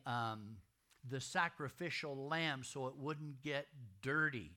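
Bright-voiced preacher. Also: male voice, a little high. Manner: folksy, conversational preaching, addresses congregation directly. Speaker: pastor. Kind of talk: sermon.

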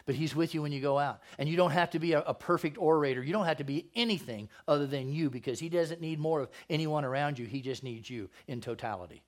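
Casual joking pastor, slightly high voice. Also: male voice, quick pace, few pauses. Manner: casual, joking preacher, slangy asides; reads scripture aloud, stumbling over names. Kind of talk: sermon.

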